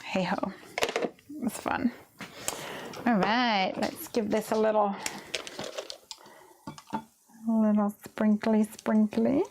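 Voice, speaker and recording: A woman's voice: medium pitch, level tone, slow pace, long pauses, darkish tone, a little hiss or hum. A woman hosting a live card-making stream, chatting casually as she works, reading viewer comments aloud and laughing often. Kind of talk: casual chat while crafting.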